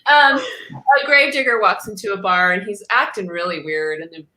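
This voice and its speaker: A woman improviser telling quick, playful punchline jokes and giggling over a video call. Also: mid-range voice, expressive, bright, forceful tone, a little hiss or hum, low-quality recording. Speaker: improv performer.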